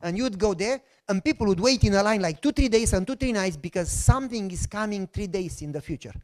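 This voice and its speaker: This fast-talking, middle-aged pastor from Romania speaks English with a Romanian accent in a fairly high voice. He relates his testimony as a lively story, voicing the people who appear in it.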